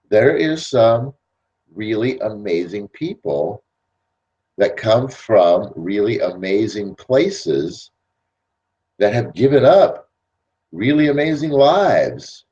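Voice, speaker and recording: Animated persuasive male podcast host. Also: lowish voice, highs cut off. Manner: animated, persuasive, acts out scenes. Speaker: network marketing podcast host. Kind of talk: casual monologue.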